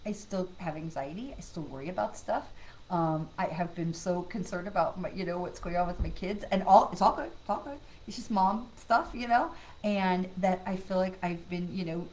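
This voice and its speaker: A middle-aged woman, a psychic medium, talking in a chatty, animated way straight to her viewers in a live stream about spirit and anxiety. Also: mid-range voice, a little hiss or hum, poor audio.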